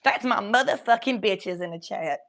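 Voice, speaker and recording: A young woman from Cincinnati, talking in a put-on Southern drawl during a casual livestream chat, crude and rambling, high and coughing now and then. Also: moderate pace, a bit bright. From Cincinnati, Ohio.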